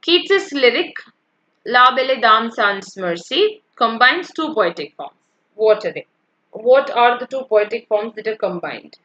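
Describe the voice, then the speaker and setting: Bright-voiced woman teaching poetry meter. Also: fairly high pitch, animated, a little slow, highs cut off. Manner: explanatory, frequent "uh" and "yeah" checks, counts out feet aloud. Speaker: English literature teacher. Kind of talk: exam-prep lecture.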